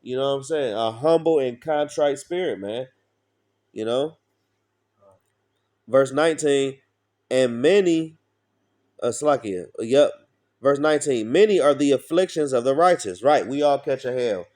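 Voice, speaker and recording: A man's voice: mid-range voice, measured pace, pauses often, a little mellow. Blunt, profane man preaching. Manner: blunt, profane, preachy with call-and-response questions. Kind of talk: informal street sermon.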